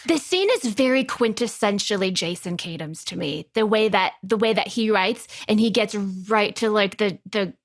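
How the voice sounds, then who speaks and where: A woman in her thirties chats on a relaxed podcast about a show she acted in. She tells stories with feeling and gets emotional easily. Her voice sits at an ordinary pitch for a woman. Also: normal speed, few pauses. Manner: emotional, chatty storyteller. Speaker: podcast co-host, actor from the show. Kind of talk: casual rewatch podcast chat.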